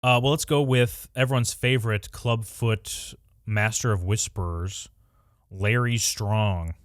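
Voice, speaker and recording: Low voiced guy co-hosting a podcast, rambly and easygoing, acts out quotes, dry mic. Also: measured pace, clear, resonant tone, no room sound. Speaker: podcast co-host. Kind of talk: casual chat.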